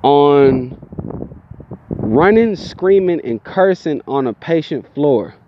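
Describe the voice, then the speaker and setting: A man's voice: fairly high pitch, expressive, takes it slowly, dull audio, slight background noise. A man mimicking his hesitant, stammering male supervisor as he tells a story. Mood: nervous. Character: male hospital supervisor, nervous and officious.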